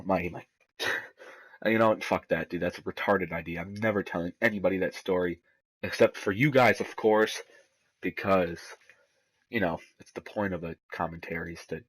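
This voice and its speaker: A man's voice: sits low, husky, low-quality recording. Rambling, swearing young-sounding guy. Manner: rambling, profane, laughs at himself. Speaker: gameplay commentator. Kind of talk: casual storytelling over gameplay.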